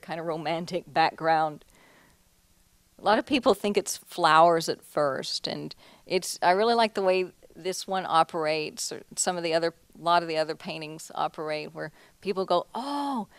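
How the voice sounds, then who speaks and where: A woman's voice: lowish voice, dry recording. A woman artist giving a casual talk about her paintings, chatty and laughing often, with plenty of restarts and "you know"s. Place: museum lecture hall.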